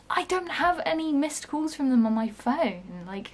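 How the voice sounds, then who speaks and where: A woman's voice: high voice, sing-song, measured pace, hardly any pauses. Frustrated woman ranting to camera. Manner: frustrated, sweary, lots of fillers and restarts. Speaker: vlogger. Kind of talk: casual storytime rant.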